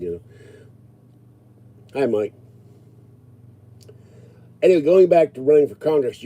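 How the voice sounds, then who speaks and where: Ranting man in his sixties, very dark voice. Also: mid-range voice. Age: 60s. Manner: agitated, grumbling, rambling. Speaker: livestreamer answering viewers. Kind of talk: casual ranting chat.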